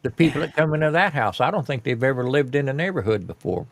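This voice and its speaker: A man's voice: mid-range voice, big pitch swings, fast, creaky. A man in casual chat, adding wry one-liners and advice about neighbors.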